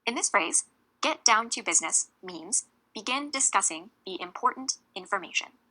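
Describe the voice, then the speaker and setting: A woman narrating a scripted English lesson, speaking clearly and slowly with deliberate emphasis on key words. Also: medium pitch, expressive, pushed and bright, rough recording. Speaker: English teacher.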